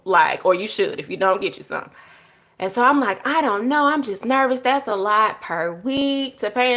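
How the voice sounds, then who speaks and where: A young woman chats with her viewers in a casual vlog, bright and forward in tone. She tells her story with animated energy, slipping into quoted voices and calling her audience y'all. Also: medium pitch. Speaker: journaling vlogger.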